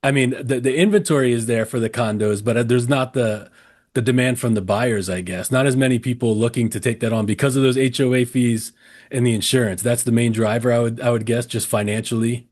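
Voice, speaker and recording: A man's voice: medium pitch, fairly even intonation, brisk, darkish tone. A man hosting an interview show, thinking aloud with restarts and checking in with his guest. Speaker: host. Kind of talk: casual interview chat.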